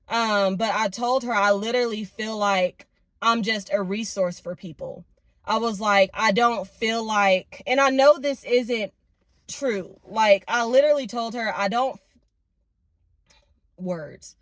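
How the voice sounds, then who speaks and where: A woman's voice: on the high side, measured pace, dry recording. A young woman, talking candidly and heartfelt in a confessional vlog. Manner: heartfelt, tearful at times, repetitive and candid. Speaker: vlogger.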